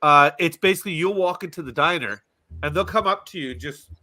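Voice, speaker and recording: A man's voice: a little high, brisk. A man hosting a casual podcast chat, telling stories with energy and reading out viewer comments. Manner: animated storyteller, reads out viewer comments. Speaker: podcast host.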